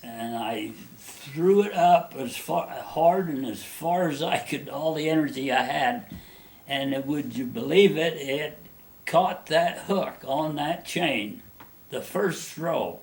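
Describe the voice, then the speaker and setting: Gravelly-voiced man rambling through a tale. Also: fairly high pitch, slow pace. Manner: rambling folksy storyteller with many restarts. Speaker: interviewee. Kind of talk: telling a personal story.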